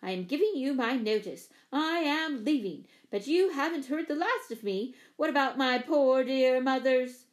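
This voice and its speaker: A woman reading a storybook and voicing a fussy, indignant older woman who talks shrill, loud and accusing. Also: expressive, moderate pace, few pauses.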